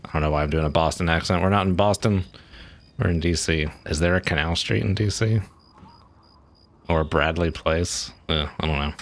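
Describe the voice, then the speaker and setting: A man's voice: low voice, moderate pace. A man streaming a game, giving casual, rambling commentary as he plays and thinks aloud.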